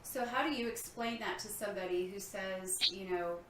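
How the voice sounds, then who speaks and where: A woman's voice: medium pitch, moderate pace, fairly bright tone, roomy sound, low-quality recording. A woman interviewer asking long, searching questions, thinking aloud with many fillers.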